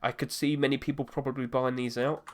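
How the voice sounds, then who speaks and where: A man's voice: mid-range voice, level tone, fast. A man talking casually on his own about market prices, rambling a little and correcting himself as he goes. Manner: rambling, self-correcting, chatty. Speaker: gaming market commentator. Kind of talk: casual solo commentary.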